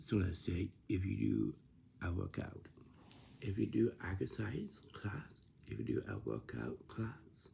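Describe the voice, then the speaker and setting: A man's voice: low-pitched, big pitch swings, measured pace, vocal fry, dark tone, a little hiss or hum. A man talking casually to camera, lecturing about lazy and rude behaviour and repeating himself often. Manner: repetitive, lecturing about manners.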